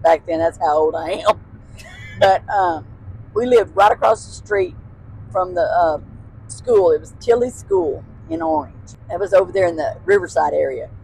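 A woman's voice: fairly low pitch, animated, normal speed, creaky, darkish tone, slight background noise, low-quality recording. A woman, a guest telling childhood stories in casual chat, laughing often and using folksy phrasing. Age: 60s.

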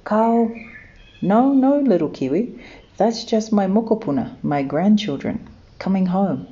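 A woman voicing a sleepy grandmother owl who gently sends a little bird back to sleep, in a dull lo-fi recording. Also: mid-range voice, expressive, unhurried, voice pushed up, close to an everyday voice. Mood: soothing. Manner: gentle, soothing.

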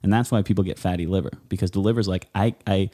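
Low, dark-voiced man explaining casually. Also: fairly even intonation, very fast. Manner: explains with many fillers and restarts, sarcastic asides. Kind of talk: casual conversation.

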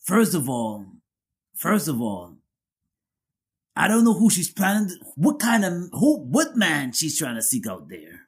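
A man with a husky, slightly raised voice gives emphatic casual commentary. His pitch swings in a lively way, and he hammers a point by repeating the same phrase. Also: a little slow.

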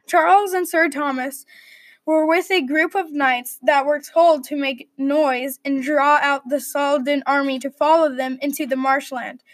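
A woman reading a medieval adventure story aloud at a steady read-aloud pace. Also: sits high, unhurried, no echo.

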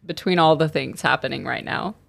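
A woman's voice: low-pitched, fairly quick, creaky. Woman, podcast co-host, teasing, swearing, laughing a lot. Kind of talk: casual chat.

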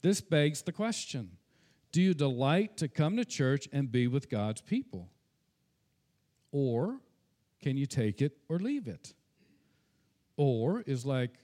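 A man's voice: medium pitch, sing-song, measured pace, dark tone. A pastor preaching a sermon in an earnest tone, slipping into casual asides and repeating words when he speaks off the cuff.

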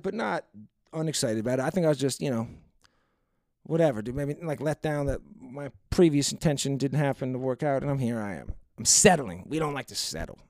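A man's voice: a little high, gravelly, darkish tone, no echo, studio quality. A man telling a long personal anecdote in a rambling, wry, profane way. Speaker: storyteller. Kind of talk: casual anecdote monologue.

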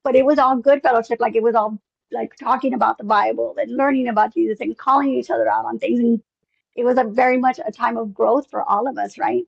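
Gravelly, husky woman telling a story. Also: fairly high pitch, steady tone, fast talker, no echo, dull audio. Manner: rambling, many fillers, acts out dialogue. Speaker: interview guest. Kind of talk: personal storytelling.

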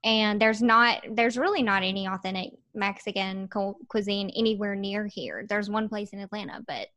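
A woman's voice: medium pitch, normal speed, fairly bright tone, dry recording, dull audio. Friendly young woman chatting, dry sound. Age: young adult. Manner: friendly, laughs often, stammers a little. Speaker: podcast guest. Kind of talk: casual chat.

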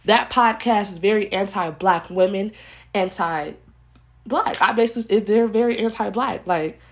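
A young woman in a casual vlog, ranting to her viewers bluntly and heatedly, repeating herself and filling her speech with "like" and "y'all". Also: mid-range voice. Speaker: commentary vlogger.

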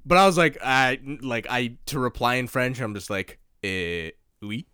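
A man from Canada telling a story in casual podcast chat, laid-back, trailing off quietly at times. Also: medium pitch, animated, moderate pace, clear, resonant tone, no echo, clean studio sound. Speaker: podcast co-host.

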